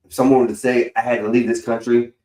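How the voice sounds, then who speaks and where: A man hosting a call-in stream, talking casually and profanely in a rambling, animated way. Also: medium pitch, fast. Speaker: stream host. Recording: roomy echo.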